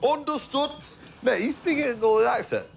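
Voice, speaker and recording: A man's voice: very high voice, creaky, full character voice. An actor playing a teasing young British man who mocks his friend with jokes. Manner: mocking, jokey, laughing.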